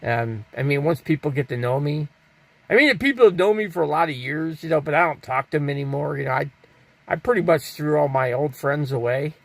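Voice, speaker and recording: Older male stream host, gravelly and slightly high, loose rambling delivery, answers chat. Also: lively intonation, a little fast, a bit bright, no echo. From Scottsdale, Arizona. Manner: rambling, reads viewer chat aloud and answers it. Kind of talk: casual live-stream chat.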